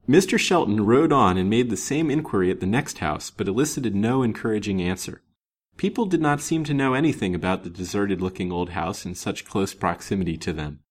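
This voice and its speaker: Husky low-voiced male storyteller. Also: a little fast. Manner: expressive, old-fashioned reading. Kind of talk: storybook narration.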